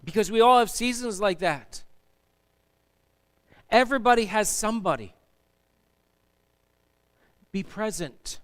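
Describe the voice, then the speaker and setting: A man's voice: high-pitched, expressive, a little slow, pauses often, clear, resonant tone. A man preaching a sermon as pastor in a church, emphatic and asking the congregation to answer back. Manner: emphatic, asks the congregation to respond. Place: church sanctuary.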